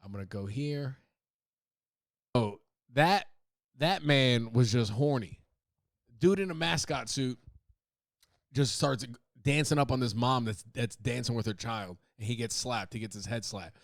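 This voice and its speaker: A man's voice: medium pitch, unhurried, vocal fry, pauses often, dry recording. Guy ranting on his podcast, swears a lot, medium voice, dry close sound. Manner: profane, rambling, laughs at own jokes. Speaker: podcast host. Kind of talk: casual comedic monologue.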